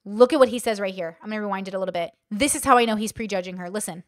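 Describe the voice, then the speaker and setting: A woman's voice: mid-range voice, rapid-fire, no room sound, clean studio sound. A woman hosting a reaction commentary, blunt and exasperated, swearing and acting out what others say. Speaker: commentary host. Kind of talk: reaction commentary on stream clips.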